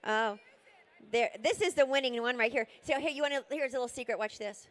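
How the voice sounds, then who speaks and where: A woman's voice: sits high, fairly quick. A woman calling a live charity auction, coaxing the crowd and rattling off repeated bid figures.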